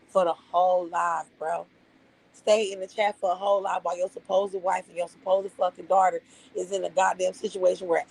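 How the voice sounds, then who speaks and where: Gravelly-voiced woman ranting on a livestream. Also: medium pitch, poor audio. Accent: Las Vegas, African American Vernacular English. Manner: profane, emphatic, rambling. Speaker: livestream host. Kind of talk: casual livestream rant.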